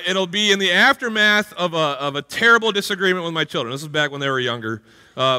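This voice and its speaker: A middle-aged man preaching a sermon with lively, comic acted-out stories, jumping into playful character voices. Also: sits high. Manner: animated, jumps into playful character voices and exclamations. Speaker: pastor. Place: large church hall. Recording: live sermon with long hall reverb.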